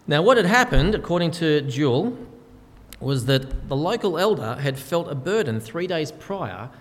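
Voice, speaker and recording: A man preaches a sermon in a lingering, echoing hall, talking through a story in an easy, conversational way. His voice sits a little high for a man, and he pads his sentences with fillers. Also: very animated, normal speed. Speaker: pastor. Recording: long hall reverb.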